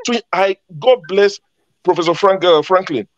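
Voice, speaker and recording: A man's voice: sits high, moderate pace, fairly bright tone, dull audio. A man speaking as a panelist in a heated debate, emphatic and combative, repeating his points.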